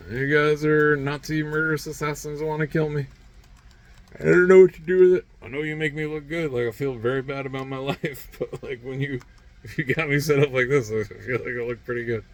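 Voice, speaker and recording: A man's voice: medium pitch, normal speed. A man vlogging alone in a rambling, sardonic monologue full of grunts and muttered asides.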